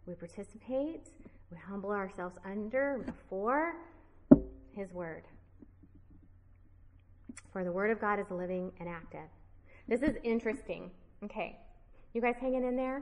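A woman's voice: medium pitch, expressive, unhurried, pauses often, in a large hall, poor audio. A woman teaching a Bible study group, earnest and emphatic, repeating key phrases and dropping casual, self-deprecating asides to her listeners.

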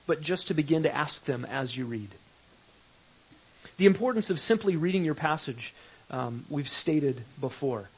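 A man teaches a Bible study in a loose, conversational way, leaning on repeated phrases to make his point. His voice sits a little high and has a breathy, husky edge. The recording sounds muffled and lo-fi. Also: a little mellow. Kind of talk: live teaching session. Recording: dull lo-fi recording.

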